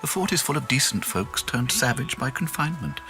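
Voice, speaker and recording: A man's voice: mid-range voice, lively intonation, a little fast, over music, lightly acted. An actor voicing a pensive lizard-man scholar in a game, musing aloud in a philosophical way. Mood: thoughtful. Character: pensive old lizard scholar, lost in thought.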